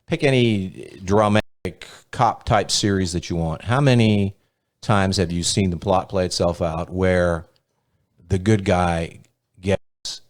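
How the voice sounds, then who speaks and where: A man's voice: low-pitched, slow pace. A man hosting a casual podcast chat, telling stories in a rambling, profane way. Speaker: podcast host.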